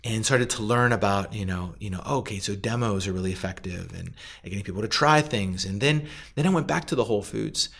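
A middle-aged man speaks in a relaxed, storytelling way, his voice sitting a little low. He drops plenty of fillers and slips into little performances of the people in his story. It sounds like a casual interview. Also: brisk, vocal fry, hardly any pauses. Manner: animated, acts out quoted voices, many fillers. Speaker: food company founder, guest.

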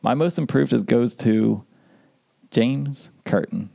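A man's voice: mid-range voice, takes it slowly, creaky, mellow. A man hosting a casual sports podcast, upbeat and joking as he leads the talk. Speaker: podcast host.

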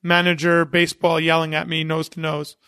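A man guesting on a podcast, telling stories from his years as an event promoter. His voice sits high and rings bright. He acts out the people in his stories, and the sound is close and dry. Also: fairly quick, clear, resonant tone, no echo. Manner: animated anecdote-teller who acts out quotes. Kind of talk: casual interview storytelling.

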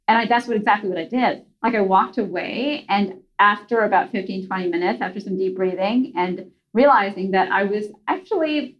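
Middle-aged woman, podcast guest, chatty storytelling, mid pitch, a bit muffled. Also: moderate pace, few pauses. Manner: chatty, frequent fillers and restarts. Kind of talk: conversational storytelling.

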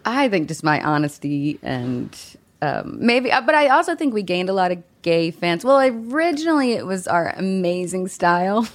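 A woman's voice: fairly low pitch, big pitch swings, normal speed. A woman in her fifties, a guest musician, talking candidly in a casual interview and laughing often.

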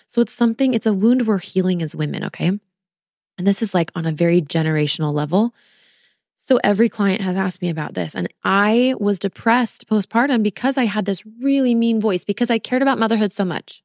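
A woman's voice: mid-range voice, brisk, darkish tone, dry recording, studio quality. Earnest woman coaching her listeners. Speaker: podcast host and postpartum coach. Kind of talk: casual solo podcast talk.

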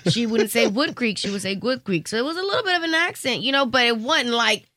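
A woman in a casual chat, animated and blunt, with the odd swear word. Her voice is bright and sharp. The sound is dry and close. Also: a little high, quick pace, dry recording. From Colombian family. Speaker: podcast co-host.

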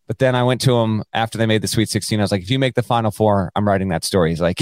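A man's voice: fairly low pitch, quick pace, few pauses, dry recording. A man co-hosting a college basketball podcast, telling a story in casual chat and acting out the quotes. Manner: animated storytelling, acts out quotes. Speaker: podcast co-host.

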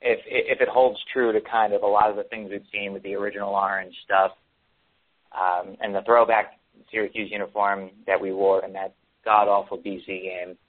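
A man's voice: on the low side, level tone, normal speed. A man co-hosting a casual sports talk show, rambling with many ums and restarts. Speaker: podcast co-host. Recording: tinny phone-like sound.

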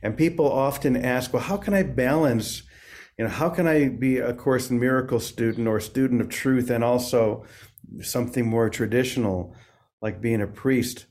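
A man who is a priest and author, talking gently and reflectively about faith, with many small restarts. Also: medium pitch, moderate pace. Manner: gentle, searching, with frequent restarts. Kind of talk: reflective spiritual interview.

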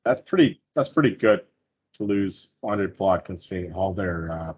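Deep husky man, casual sports chat. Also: expressive, normal speed, darkish tone, highs cut off. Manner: loose, rambling, swears casually. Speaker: sports betting podcast co-host.

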